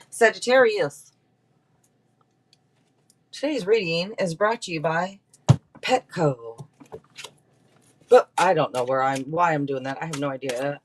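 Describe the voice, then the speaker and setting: A woman giving a casual tarot reading on a live stream, chatty and quick to laugh as she talks straight to her viewers. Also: deep voice, a little hiss or hum. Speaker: tarot reader.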